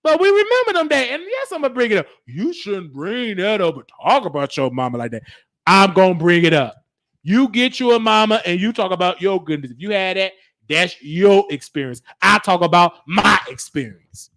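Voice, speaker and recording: A man hosting his show, telling a comedic childhood story in an excitable, animated way. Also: high voice, normal speed. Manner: animated, excitable, talks back to the listener.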